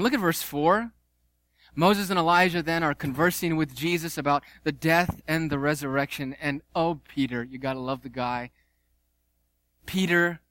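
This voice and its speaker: A man preaching a sermon, animated and conversational, with playful asides. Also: fairly high pitch, dry recording. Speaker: pastor.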